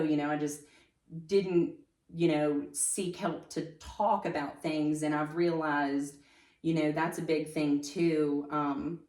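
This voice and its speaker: A woman telling her personal story as a podcast guest, halting with many fillers and restarts. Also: low voice, fairly even intonation, a little mellow, echoey room, distant mic. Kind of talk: personal testimony in conversation.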